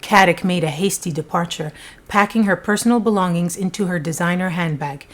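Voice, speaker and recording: A woman's voice: on the low side, a little fast. A woman casually telling a true-crime story to camera in a chatty, conversational way, with frequent asides.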